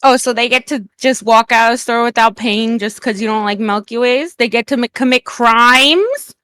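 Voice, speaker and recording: Bright, high-voiced excitable woman. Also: clean tone, dry recording. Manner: excitable, teasing, quick questions. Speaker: guest streamer. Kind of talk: playful stream chat.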